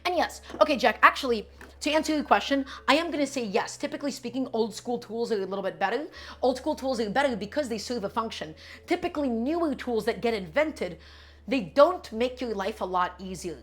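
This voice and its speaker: A woman with a slightly high voice hosts a live cooking stream in a loose, chatty way. She talks straight to her viewers and repeats each step as she works. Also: expressive, a little fast, fairly bright tone.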